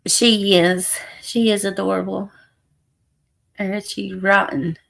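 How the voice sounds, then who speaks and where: A hoarse middle-aged woman, hosting a casual livestream chat with viewers and laughing often. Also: mid-range voice, little pitch movement, slow pace, a bit bright. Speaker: livestream host.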